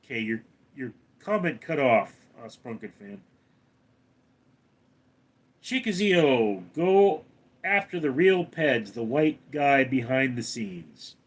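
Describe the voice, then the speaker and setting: A man's voice: medium pitch, big pitch swings, slow pace, pauses often. A man hosting a casual live stream, reading out viewer names and comments and answering them briefly. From Los Angeles, California. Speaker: livestream host reading chat.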